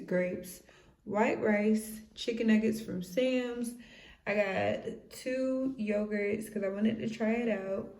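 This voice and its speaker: A woman's voice: medium pitch, darkish tone. A woman, chatting casually with lots of fillers as she vlogs her errands. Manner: chatty, loose and conversational with many fillers. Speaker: vlogger. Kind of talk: casual vlog chat. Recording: noisy background.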